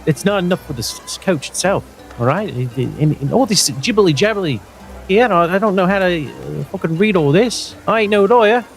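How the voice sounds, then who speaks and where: A man voicing a brash, coarse woman who swears and snaps, pitched well above his own voice. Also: lively intonation, fairly quick, gravelly, faint music behind. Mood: exasperated. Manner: blunt, cursing, impatient.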